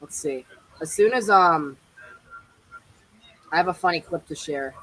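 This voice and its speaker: A man's voice: a little high, a little slow, sharp tone, low-quality recording. A man with a Southern US accent hosting a casual sports chat stream, upbeat, with announcer-style hype calls. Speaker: host.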